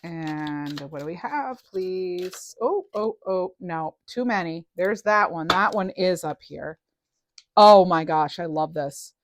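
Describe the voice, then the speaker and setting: A woman giving a casual tarot reading to camera, chatty and animated, full of fillers and restarts. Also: lowish voice, slow pace, slight background noise. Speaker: tarot reader.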